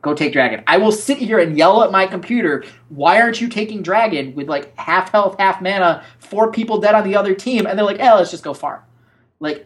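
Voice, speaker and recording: A man co-hosting an esports analysis show, giving opinionated, animated breakdowns and acting out what players say. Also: on the high side. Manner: animated, opinionated, acts out quotes. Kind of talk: casual analysis chat.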